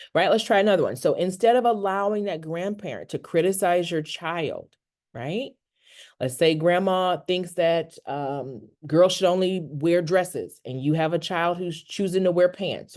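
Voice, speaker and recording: This is a medium-pitched counselor giving a virtual workshop, talking casually and comfortably. "Right?" comes up again and again as she checks in with the group.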